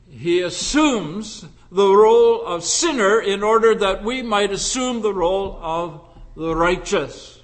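Brief: male preacher, high voice, slow and emphatic, echoing sanctuary. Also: a bit bright. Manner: earnest, emphatic, with frequent fillers. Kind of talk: sermon. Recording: long hall reverb.

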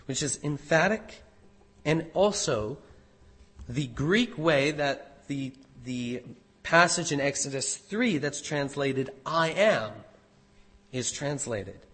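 In a sermon, a man preaches with a bright, forceful, slightly husky voice pitched a little high, expressive and unhurried. He alternates between loud, emphatic declarations and quieter, careful explanation. Long reverb from a large hall surrounds the sound.

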